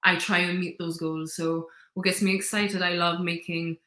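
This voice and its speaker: A woman with a lowish, bright, forceful voice speaks at a moderate pace with flat delivery, in an echoey room. In her 20s and from Gibraltar, she's an upbeat, chatty guest in a casual interview, heavy on "like" and "you know".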